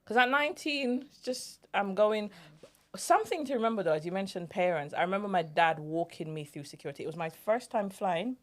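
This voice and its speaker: A woman, hosting a podcast and telling personal stories in an animated way, laughing often. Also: medium pitch, fairly quick. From Jamaica. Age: 40s. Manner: animated storyteller, laughs easily. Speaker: podcast host. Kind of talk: casual storytelling chat.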